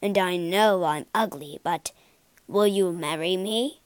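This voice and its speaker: Gruff lonely beast, read by a woman, low and slow. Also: dry recording. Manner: low growling voice.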